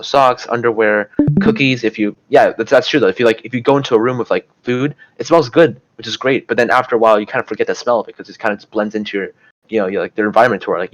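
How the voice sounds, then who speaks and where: A young man talks through study material in a loose, conversational lecture. His voice sits a little low and the words tumble out quickly. He leans on filler words and often starts a sentence over. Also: highs cut off. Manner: rambling, filler-heavy, restarts often. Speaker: student tutor. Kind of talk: casual lecture to camera.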